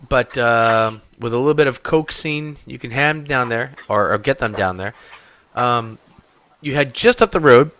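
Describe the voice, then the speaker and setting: A man's voice: medium pitch, pushed and bright, no room sound. A man narrating a tabletop game as game master, describing scenes with many ums and uhs.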